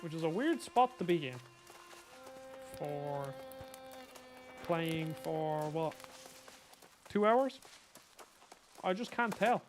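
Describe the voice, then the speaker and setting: A man's voice: a little high, animated, takes it slowly, pauses often, music in the background. A man with an Irish accent giving casual, sarcastic gameplay commentary as a streamer. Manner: chatty, ranting, sarcastic. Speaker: gaming streamer.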